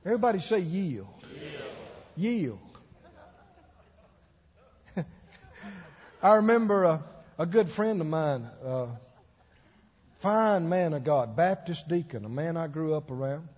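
A man's voice: fairly high pitch, expressive, measured pace, long pauses, darkish tone. A man preaching a sermon, telling stories with acted-out quotes and laughing along. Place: church. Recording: dull echoey church hall.

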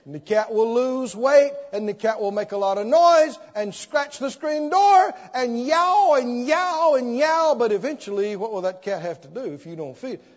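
A man preaching a sermon, telling an animated story and acting out the scenes as he goes. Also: high-pitched, moderate pace, hardly any pauses. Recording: dull sound, long hall reverb.

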